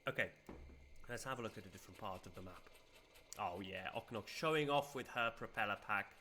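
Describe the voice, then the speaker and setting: A young man chats through a live game stream, cheerful and easygoing, laughing often between remarks. His voice is bright, with a crisp edge. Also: on the low side, brisk, slight background noise. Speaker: game streamer, community host. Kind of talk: casual live-stream commentary.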